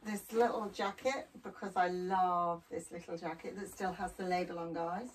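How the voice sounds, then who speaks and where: A woman's voice: lowish voice, steady tone, moderate pace, over a noisy crowd. A woman, a parent on a family vlog, cheerfully explaining her choices step by step. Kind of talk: casual chat. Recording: voice from a distance.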